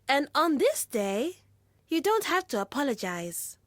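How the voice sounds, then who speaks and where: A woman's voice: on the high side, sing-song, a little slow, dry recording, studio quality. A woman voicing a playful, joyful young woman in a storybook reading. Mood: exuberant. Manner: playful, exuberant.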